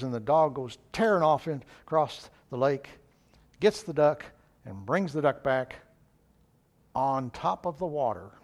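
A man preaching a sermon, reading scripture and telling folksy joke stories, clearing his throat now and then. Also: medium pitch. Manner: folksy storytelling with jokes.

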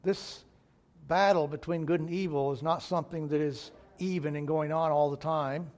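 A man's voice: fairly high pitch, fairly even intonation, normal speed, darkish tone. A male pastor preaching a sermon in an emphatic way, repeating key phrases for weight.

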